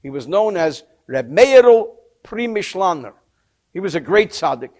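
A man's voice: a little high, sing-song, unhurried, darkish tone. A man teaching a religious text, telling a story with expression and explaining Hebrew terms in English. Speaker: Torah teacher. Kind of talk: textual study lesson with storytelling.

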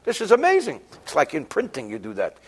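Rabbi giving a lively daily law lesson, jokes often, very animated pitch, gravelly edge. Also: male voice, fast. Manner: joking, chatty, mixing Hebrew terms into explanations. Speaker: rabbi teaching Jewish law.

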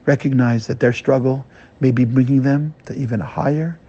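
A man's voice: mid-range voice, steady tone, brisk, warm tone, slightly rough, lo-fi sound. A man, a rabbi, tells a dramatic moral story and addresses his listeners directly. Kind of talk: storytelling to an audience.

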